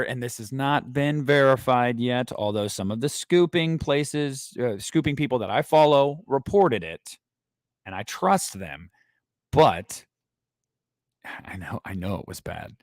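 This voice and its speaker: A man hosting a movie news livestream who rambles, jokes crudely and talks animatedly to his viewers. His voice sits at an ordinary middle pitch. The sound is dry and close, with no room echo. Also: expressive, a little slow. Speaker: host of a movie news stream. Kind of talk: casual livestream chat.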